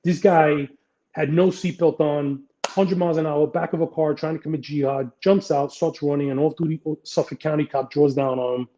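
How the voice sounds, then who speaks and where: Middle-aged male guest, blunt and profane storyteller, fairly high voice but mellow tone, muffled lo-fi audio. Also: fairly even intonation. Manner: blunt, profane, fast-moving anecdotes. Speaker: retired police detective guest. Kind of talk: casual storytelling interview.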